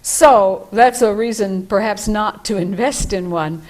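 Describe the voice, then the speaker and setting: A woman who trains dogs, talking as a guest on a local talk show, explaining in a lively way and laughing easily. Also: mid-range voice, measured pace.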